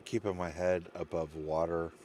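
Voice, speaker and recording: A man's voice: low voice, level tone, normal speed, mellow, slight background noise. A man streamer wrapping up a live stream, rambling and heartfelt, getting emotional as he thanks his viewers. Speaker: game streamer. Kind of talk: casual stream sign-off chat.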